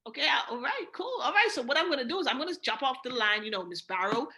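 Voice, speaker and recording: A woman from the Bahamas with a Bahamian accent, leading a sales training call in an energetic, casual coaching manner and acting out sales dialogue. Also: sits high, quick pace. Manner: casual slang, many fillers. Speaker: sales team leader and trainer.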